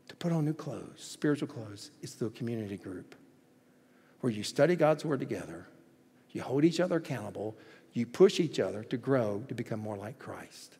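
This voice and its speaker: A man preaching a sermon as pastor in a church, swinging between hushed, gentle passages and loud, excited ones. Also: a little high, moderate pace, husky. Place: church sanctuary. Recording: echoey hall reverb.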